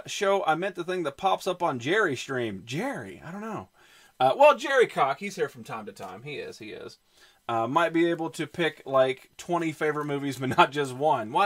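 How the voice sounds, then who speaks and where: A man's voice: mid-range voice, fairly bright tone. A man with a Southern US accent, chatting casually on a livestream and rambling through lots of fillers while he answers his chat. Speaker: streamer showing his comic collection.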